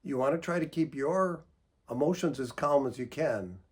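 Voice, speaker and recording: Husky-voiced guy explaining patiently, calm advice talk, lots of examples. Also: medium pitch, normal speed.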